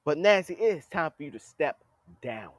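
Blunt, high, lively man scolding politicians. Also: moderate pace, no echo. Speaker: podcast host. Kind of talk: political commentary monologue.

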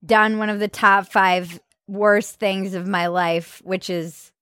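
A woman's voice: mid-range voice, fairly even intonation, slow pace, a bit bright, clean tone, no echo, studio quality. A woman co-hosting a comedy podcast, talking in a sarcastic, exasperated way with plenty of swearing. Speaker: podcast co-host. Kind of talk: casual comedic chat.

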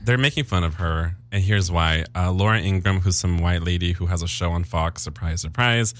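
This podcast co-host has a low voice and talks a little fast. His casual chat is loaded with filler words and easy laughter.

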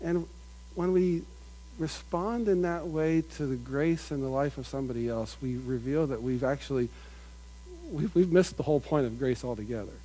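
A middle-aged man preaching a sermon in an earnest manner, building to loud emphatic peaks and dropping to quiet asides. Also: mid-range voice, normal speed, low-quality recording. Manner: earnest, builds up with rising emphasis, mimics crowd voices.

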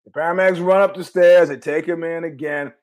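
A man's voice: on the high side, steady tone, brisk, darkish tone. A man hosting his own show, telling a story in a blunt, profane, conversational way. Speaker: host. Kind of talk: casual storytelling monologue.

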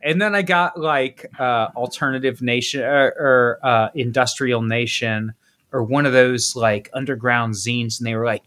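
Podcast guest, man from Ohio, forties, bright tone, animated storyteller. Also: medium pitch, normal speed. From Ohio, USA. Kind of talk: casual storytelling.

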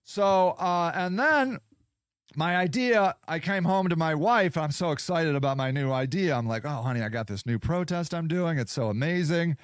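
This podcast host has a slightly high, smooth voice with lively intonation and a moderate pace, recorded in dry studio quality. He launches into a casual rant, telling a story with anger and sarcasm and swearing often.

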